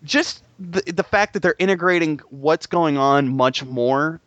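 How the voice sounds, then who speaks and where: A young man in casual, profane, rambling chat about video games, excitable and swearing often. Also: a little high, a little slow, lo-fi sound, noisy background. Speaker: gaming podcast co-host.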